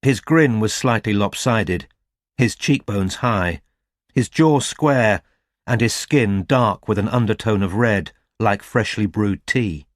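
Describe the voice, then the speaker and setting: A man reading a crime novel aloud as audiobook narrator, in a steady, even manner. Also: lowish voice, takes it slowly, no echo, studio quality. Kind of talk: scripted narration.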